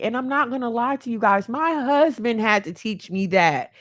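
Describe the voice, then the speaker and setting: A woman's voice: fairly high pitch, moderate pace, few pauses, a bit bright. A woman in her thirties hosting a podcast, talking candidly and with emotion to her listeners about family and self-love. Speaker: podcast host. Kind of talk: personal talk to listeners.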